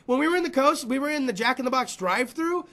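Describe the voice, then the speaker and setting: A male podcast host telling a rambling, profane story in a loud casual chat, repeating phrases and breaking into shouts. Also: very high-pitched, animated, fast talker.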